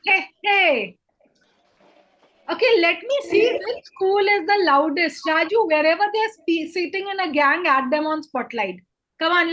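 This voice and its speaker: A woman hosting a live online session for school students, greeting them by name and leading energetic call-and-response chants over a video call. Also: very high-pitched, a little hiss or hum.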